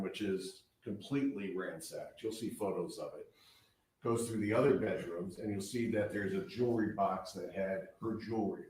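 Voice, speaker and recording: A man giving a courtroom opening statement as prosecutor, laying out events step by step in a measured way. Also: lowish voice, darkish tone. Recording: echoey courtroom from far off.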